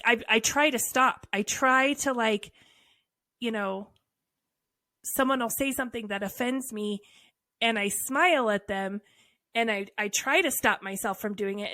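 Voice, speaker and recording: A woman's voice: mid-range voice, sharp tone, dry recording. A woman co-hosting a podcast, telling stories frankly and animatedly with wry asides. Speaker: podcast co-host. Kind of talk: candid casual conversation.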